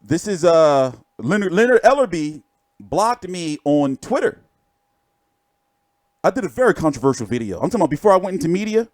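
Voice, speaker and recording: A man with a fairly high, slightly mellow voice, captured in a dry recording, hosts a boxing livestream. It's loose, casual chat: he shows pictures, rambles, and cracks profane jokes.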